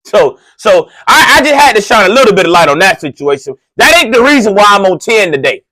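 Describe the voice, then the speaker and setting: Male radio DJ, animated storyteller, high and very lively delivery, slangy, dry close sound. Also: brisk, no room sound. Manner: excitable, swings loud and high when worked up; conversational slang with frequent "right?" asides. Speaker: radio host.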